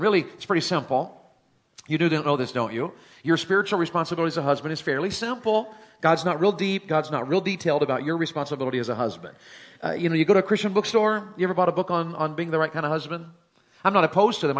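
A middle-aged man preaching a sermon to a congregation in a folksy, humorous way, building to emphatic high points. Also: a bit bright.

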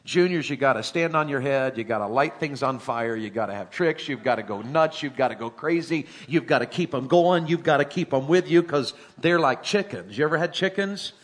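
A middle-aged man preaching a sermon to a congregation in a folksy, humorous way, building to emphatic high points. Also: animated, fairly quick, hardly any pauses.

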